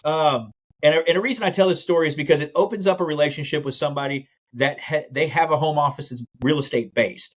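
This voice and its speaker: Guy rattling off a business story real quick, dull lo-fi sound. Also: a little high. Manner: fast, animated storytelling with acted-out quotes. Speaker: guest, land investor. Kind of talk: storytelling in a podcast interview.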